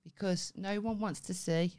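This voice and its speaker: A woman's voice: medium pitch, fairly even intonation, a little mellow. A young woman with a Birmingham accent, co-hosting a podcast in brash, sweary casual chat. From England. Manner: brash, sweary, quick to laugh. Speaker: podcast co-host.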